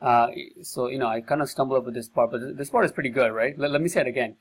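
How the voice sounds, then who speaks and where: A man's voice: mid-range voice, steady tone, very fast, few pauses, low-quality recording. A man who sells digital marketing, talking casually to camera and thinking aloud in a loose, rambling way. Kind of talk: casual talk to camera about sales scripts.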